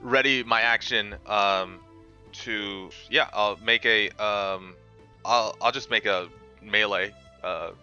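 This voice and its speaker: A man with a very deep yet sharply bright voice plays a tabletop game. He describes his moves haltingly, letting phrases trail off. The recording is dull and lo-fi. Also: steady tone, clean tone, soft background music. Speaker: player. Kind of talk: casual tabletop play.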